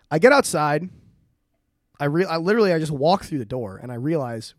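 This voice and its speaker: A young man in casual podcast chat, telling a rambling, animated story and swearing often. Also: fairly high pitch, fairly quick, no room sound, clean studio sound. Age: young adult. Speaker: podcast co-host.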